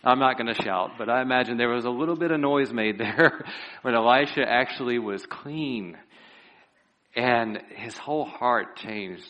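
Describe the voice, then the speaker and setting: A man's voice: mid-range voice, muffled recording. Earnest male preacher telling a Bible story. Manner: vivid storytelling retelling a Bible story with lively asides; earnest, pleading delivery. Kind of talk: sermon.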